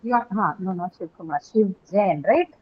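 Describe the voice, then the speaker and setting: A woman teaching an English class over a call, her voice thin and tinny like a phone line. She goes step by step, puts questions to her students and keeps checking whether they follow. Her pitch sits in an ordinary middle range. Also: animated, moderate pace, a little hiss or hum. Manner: patient, questioning, often checks with "right?". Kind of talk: online class lecture on word stress.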